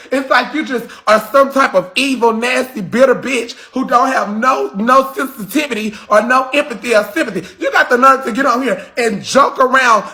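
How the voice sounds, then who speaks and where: A man hosting a livestream, delivering a heated, confrontational rant with shouting and cursing. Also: very high voice. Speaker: livestream host.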